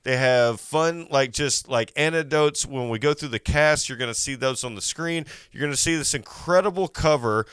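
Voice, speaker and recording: A man's voice: mid-range voice, normal speed, hardly any pauses, fairly bright tone, clean tone, dry recording, clean studio sound. A man hosting a podcast, leading a casual movie review chat in an upbeat way with lots of fillers. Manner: upbeat, leads the talk with many fillers. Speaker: podcast host.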